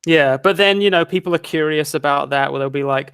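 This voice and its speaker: A man chats as a guest in a loose, conversational way, dropping the odd swear word. His voice sits a little higher than most men's. The recording is dry, with no room sound. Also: a little fast, a bit bright, clean tone, no room sound. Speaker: guest video critic. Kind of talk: casual chat.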